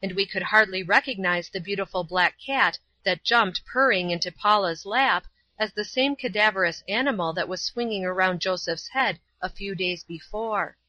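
A woman narrating a storybook in a steady, clear reading voice. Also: medium pitch, moderate pace, few pauses, no room sound. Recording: dull, dry lo-fi recording.

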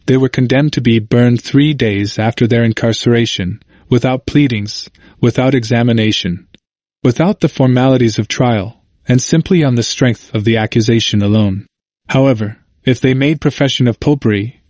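A man narrating an old history in a measured, formal reading. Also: medium pitch, darkish tone, dry recording.

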